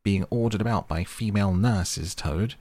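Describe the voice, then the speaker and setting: A man's voice: fairly low pitch, normal speed, a little mellow, no echo, pitched above the performer's own voice, natural voice. A man voicing an earnest, well-meaning male mole who speaks mildly.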